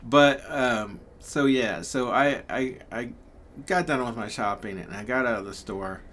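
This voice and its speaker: A man's voice: medium pitch, unhurried, a bit bright, slight background noise. A man telling a story casually, rambling and chatty, with lots of fillers and laughs. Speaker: pyrography channel host.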